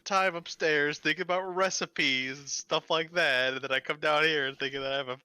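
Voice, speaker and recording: A man voicing a gruff, irritable male brewmaster who talks in an exasperated, blustering way. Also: a little high, fairly even intonation, brisk, sharp tone, dry recording, voice pushed up. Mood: irritated.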